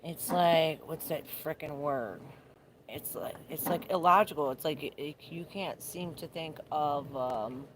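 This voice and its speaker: A woman's voice: low voice, a little slow. A woman doing a casual, rambling tarot reading outdoors in the rain. She searches for words and swears casually. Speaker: tarot reader. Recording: noisy outdoor recording with rain.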